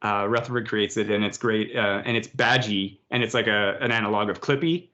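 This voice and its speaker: A man hosting a podcast, chatting casually and retelling scenes with quick put-on voices. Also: fairly low pitch, a little hiss or hum. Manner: rambling, animated retelling with quoted voices. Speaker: podcast host. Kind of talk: casual chat. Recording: dull lo-fi podcast audio.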